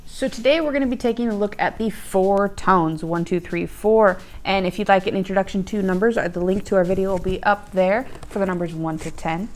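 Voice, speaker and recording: A woman's voice: mid-range voice, fairly quick, hardly any pauses. A woman hosting a language lesson, explaining in a chatty way with fillers and glancing at her notes. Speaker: host and language learner.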